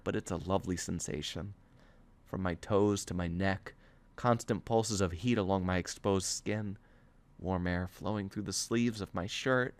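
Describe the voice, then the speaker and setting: A man reading his own novel aloud in the first person, animated and excitable as he rambles on. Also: low-pitched, no echo. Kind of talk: first-person story narration.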